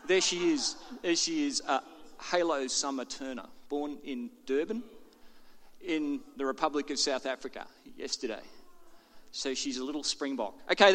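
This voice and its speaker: A man's voice: a little high, sharp tone, big-room sound. An older man preaching a sermon to his congregation in a chatty, self-deprecating way. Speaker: pastor. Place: church auditorium.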